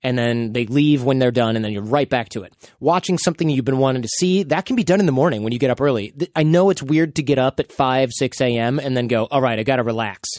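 A man in his thirties hosts a podcast, chatting casually and animatedly telling stories while acting out quotes. He has a medium-pitched voice and talks fast with hardly any pauses. The recording is dry, with clean studio sound.

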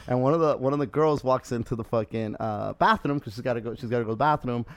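A man's voice: medium pitch, quick pace, no room sound. A man hosting a podcast, telling a story in casual chat, full of swearing and acted-out quotes. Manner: profane animated storytelling, acting out quotes. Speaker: podcast host.

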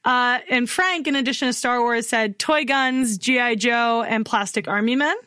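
A woman's voice: a little high, moderate pace, bright, forceful tone, smooth, no echo, clean studio sound. A woman in her thirties co-hosting a podcast, chatty and giggly as she reads out listener answers. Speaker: podcast co-host. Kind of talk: casual chat.

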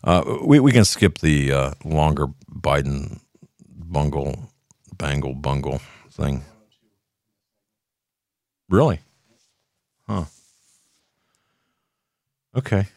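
An older man hosting a commentary show, fiery and opinionated, dropping to a mutter and then rising to shouts. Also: very deep voice, lively intonation, drawn-out words, pauses often, dry recording, studio quality. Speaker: talk show host.

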